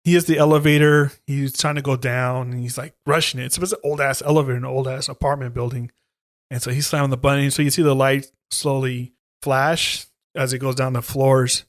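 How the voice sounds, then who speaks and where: Profane animated male horror podcaster. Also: medium pitch, fairly quick, dry recording, clean studio sound. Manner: animated storytelling, heavy swearing, acts out lines. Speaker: podcast co-host. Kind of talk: casual chat, retelling a horror movie.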